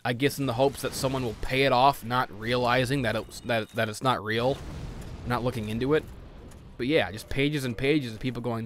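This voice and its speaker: A man's voice: medium pitch, fairly even intonation, normal speed, fairly bright tone, a little hiss or hum. Grumbly, profane gameplay commentator, man.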